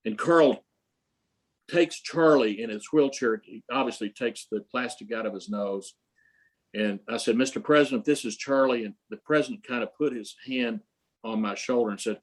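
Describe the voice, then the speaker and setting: An older man with a mid-range voice speaks at normal speed as an interview guest and prize creator. He tells long stories, with plenty of fillers and restarts along the way.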